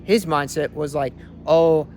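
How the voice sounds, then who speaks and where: A man's voice: fairly high pitch, moderate pace, faint music behind. A young man, a fitness coach, giving a brash, profane motivational rant from his car.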